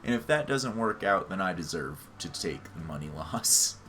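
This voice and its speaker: A man's voice: deep voice, lively intonation, normal speed. A man hosting a let's play, commenting on the game in a chatty, self-mocking way. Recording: game music playing behind the voice.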